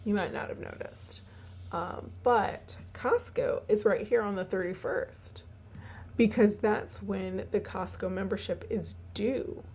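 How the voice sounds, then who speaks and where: A woman walking through her family budget in a casual, halting way, tired and yawning, with lots of fillers. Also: medium pitch, steady tone, darkish tone, slightly rough. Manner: chatty, halting, many fillers and restarts. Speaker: budgeting vlogger.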